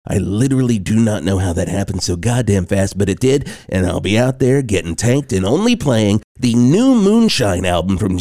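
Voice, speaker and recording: A man's voice: fairly low pitch, dark tone, no echo, clean studio sound. A man hosting a comedy morning show, theatrical and flustered, swearing freely. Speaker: host.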